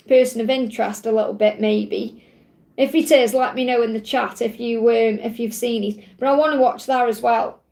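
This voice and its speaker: A chatty English woman talking fast on a live stream, tumbling from one thought to the next with plenty of ums. Her voice sits a little high for a woman. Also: darkish tone. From England. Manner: fast, chatty, rambling with many fillers. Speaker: livestream host. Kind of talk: casual live chat.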